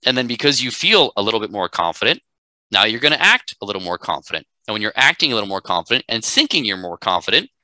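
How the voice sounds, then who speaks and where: An instructor with a lowish, pushed, bright voice teaches a live class, talking fast and very animatedly. He's emphatic and conversational, constantly checking in with "right?", on a dry, poor-quality recording.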